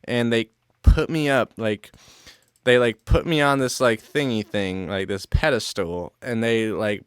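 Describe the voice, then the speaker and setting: A young man rambles through a casual storytime, constantly using "like" as a filler and swearing freely. His mid-range voice is clear and resonant, at a measured pace with no echo.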